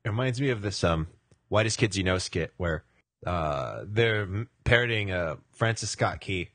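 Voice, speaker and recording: A man's voice: low voice, lively intonation, moderate pace, fairly bright tone, no room sound. A man co-hosting a casual comedic podcast, rambling through stories and swearing freely. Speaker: podcast co-host.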